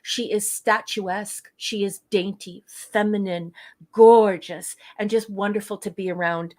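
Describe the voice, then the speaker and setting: Female co-host, casual review chat, enthusiastic and rambling, average pitch. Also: steady tone, a little slow, a little mellow. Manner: gushing, rambling with many fillers.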